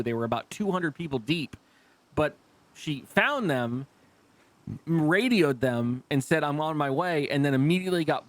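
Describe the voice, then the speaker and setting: A man's voice: medium pitch, fairly bright tone. A man streaming live, talking casually to his chat, rambling with frequent restarts, swearing freely and laughing easily. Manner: rambling, lots of restarts and fillers. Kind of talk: casual live gameplay commentary.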